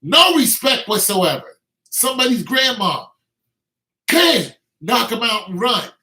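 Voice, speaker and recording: A man's voice: high voice, sharp tone. A middle-aged man ranting to camera in a vlog, emphatic and repeating words as he stresses his points. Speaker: vlogger. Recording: roomy echo.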